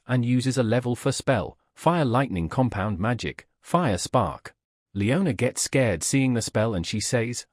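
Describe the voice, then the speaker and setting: A man narrating a comic story recap, telling it steadily. His pitch moves a lot. The recording is dry and close. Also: sing-song, moderate pace, dry recording.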